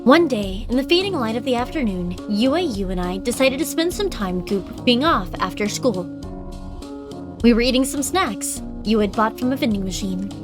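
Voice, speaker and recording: Woman streamer reading game text out loud, kinda high voice, dramatic, music playing behind. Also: moderate pace. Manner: expressive dramatic reading, breaks into casual asides. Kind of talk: reading a visual novel aloud with commentary. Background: game background music.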